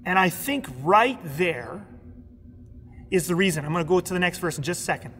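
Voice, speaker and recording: A man teaching a sermon, animated, acting out the people in the story. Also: high voice, moderate pace, big-room sound. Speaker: pastor. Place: recorded for an online audience.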